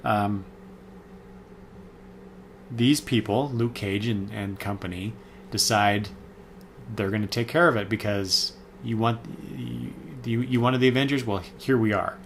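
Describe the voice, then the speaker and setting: A man's voice: fairly low pitch, steady tone, unhurried, creaky, fairly bright tone, a little hiss or hum. A man giving a casual, rambling spoken review of comics, full of fillers and self-corrections.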